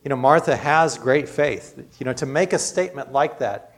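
A man's voice: mid-range voice, normal speed, few pauses. Male pastor, everyday sermon delivery, earnest and chatty. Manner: earnest, conversational preaching with frequent "you know".

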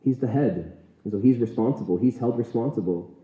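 A male pastor preaching a sermon in an earnest, emphatic way, slowing down to stress key words. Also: medium pitch, warm tone. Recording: echoey room, tinny phone-like sound.

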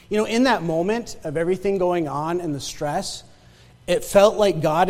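High-voiced preacher in an echoing hall. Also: male voice, normal speed, darkish tone. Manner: conversational, stammering restarts, repeats phrases for emphasis. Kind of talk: sermon with personal testimony. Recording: long hall reverb.

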